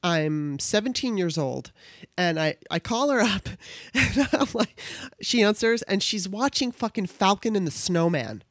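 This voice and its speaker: A woman's voice: mid-range voice, expressive, measured pace, no room sound, clean studio sound. A woman from Southern California telling a personal story in casual chat. She acts out the voices of the people in it and laughs as she goes.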